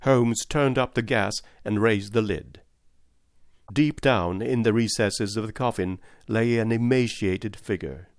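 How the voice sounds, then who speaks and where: Low-voiced male storyteller, dry sound. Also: no room sound. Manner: measured storytelling. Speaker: narrator. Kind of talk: audiobook reading of a classic detective story.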